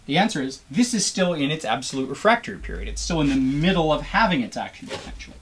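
In a recorded biology lecture, a man with a fairly high, breathy voice talks fast, walking students through ideas step by step. He's animated and encouraging, acting out a crowd doing the wave, cheering voices and all.

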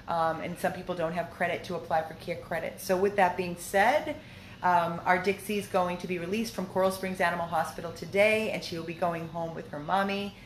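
Dog rescue organizer, woman, lower voice, heartfelt and chatty, phone video in an echoey room with faint noise. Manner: heartfelt, chatty, many fillers. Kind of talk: casual video update. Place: indoors at a dog rescue house.

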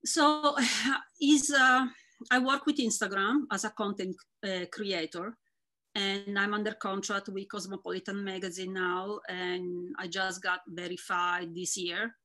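A woman's voice: mid-range voice, unhurried. A middle-aged woman from Italy with a thick Italian accent, chatting as an interview guest about her work and life. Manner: thick accent, animated storytelling. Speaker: guest, Instagram content creator. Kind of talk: casual interview chat.

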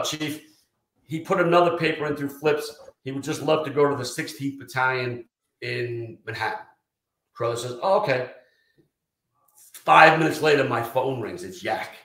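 A man tells his stories in a loose, profane way, acting out what each person said. His voice sits at a middling pitch. The room gives it a noticeable echo. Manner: profane, animated anecdotes with quoted dialogue. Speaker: retired fire lieutenant guest. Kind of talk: casual storytelling interview. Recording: roomy echo.

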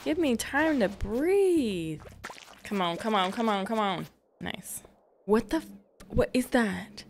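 A woman's voice: a little high, expressive, slow pace, slight background noise. A woman giving casual let's-play commentary, chatty and self-deprecating, with frequent exclamations. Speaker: gaming YouTuber. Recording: faint background game music.

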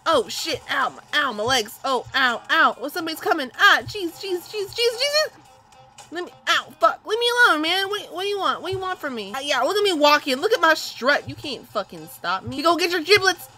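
High, bright, squealing gamer woman. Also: big pitch swings, moderate pace, soft background music. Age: young adult. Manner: loud, cursing, squealing reactions. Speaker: gaming video host. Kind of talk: excitable gameplay commentary.

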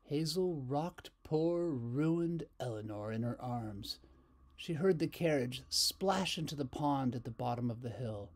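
A man reading a children's picture book aloud, taking his time over each line. His voice rises and falls widely, giving the story plenty of color. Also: mid-range voice. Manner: slow, expressive read-aloud.

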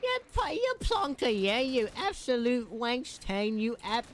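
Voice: medium pitch, very animated, measured pace, faint music behind, pitched above the performer's own voice. A streamer voicing a brash mock-British lad who taunts other players with playground insults. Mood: taunting. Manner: taunting, shouty slang insults.

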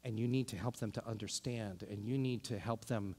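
Animated male pastor in a reverberant church. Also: on the low side, fairly quick, breathy edge. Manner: animated, with frequent restarts. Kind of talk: sermon. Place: church sanctuary.

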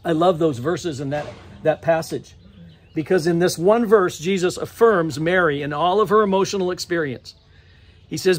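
A man's voice: sits high, normal speed. A middle-aged male pastor preaching a sermon in a church, telling the story with restarts and acting out the quoted lines. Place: church sanctuary.

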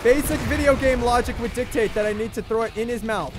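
A young man streaming a game live, chatting with viewers in an excitable, jokey way and repeating himself when he panics. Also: very high voice, brisk, background noise. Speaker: gaming livestreamer. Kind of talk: excitable live gameplay commentary.

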